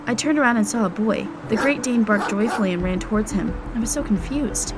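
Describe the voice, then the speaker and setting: A woman's voice: on the high side, fairly quick, few pauses. A woman narrating a dramatic first-person storytime. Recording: music playing behind.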